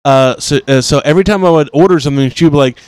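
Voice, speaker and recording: A man's voice: a little high, very fast, darkish tone, clean tone, dry recording. Casual rambling podcast host man. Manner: rambling with many fillers and restarts, laughs easily. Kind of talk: casual chat.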